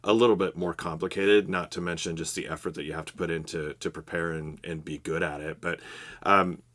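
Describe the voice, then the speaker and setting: Deep-voiced guy cohosting a podcast, calm advice-giving tone. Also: a little fast. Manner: steady, explanatory, advice-giving. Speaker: podcast co-host. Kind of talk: casual podcast analysis.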